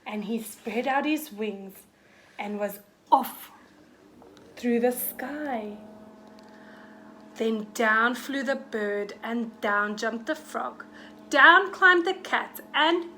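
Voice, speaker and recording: A woman reading a rhyming picture book aloud to children, expressive, with dramatic rises and hushed whispers. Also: on the high side, slow, slight background noise. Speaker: storyteller.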